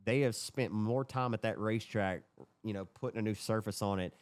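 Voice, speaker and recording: A young man co-hosting a racing podcast, telling stories in an excitable, swearing, casual chat. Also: on the low side, fairly quick, no room sound. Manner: excitable storyteller, drawls and swears. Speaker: podcast co-host.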